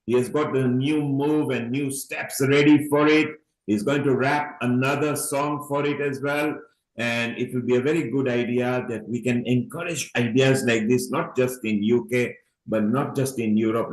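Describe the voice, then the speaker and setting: A man's voice: medium pitch, steady tone, normal speed, echoey room, rough recording. A man hosting an online event over a video call, calling people honey as he talks on at length. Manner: addresses people as honey, rambling.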